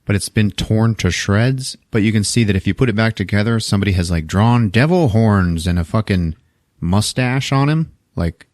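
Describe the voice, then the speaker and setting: Profane, lively man recapping a movie. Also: on the low side, moderate pace, no room sound, clean studio sound. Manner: profane, animated storytelling with laughs. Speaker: podcast host.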